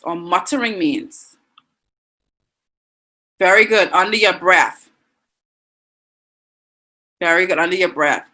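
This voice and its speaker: A woman teacher with a Bahamian accent, leading an online class and warmly reading out and praising students' answers. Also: medium pitch, animated, a little slow, pauses often, rough recording. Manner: encouraging, reads students' answers aloud with frequent praise.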